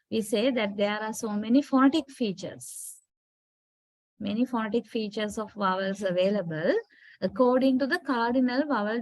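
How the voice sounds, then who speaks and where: A woman lectures her class on English pronunciation at a slow pace, patiently spelling out words and checking comprehension with "right?" Her pitch is medium, and the recording has no echo.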